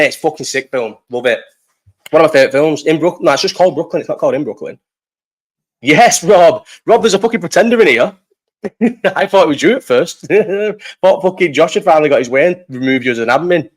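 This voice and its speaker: A young man in a loose live chat, rambling from one thing to the next, swearing freely and laughing a lot. His voice sits at an ordinary middle pitch, and he gets quick and excitable once he warms to a subject. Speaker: podcast co-host.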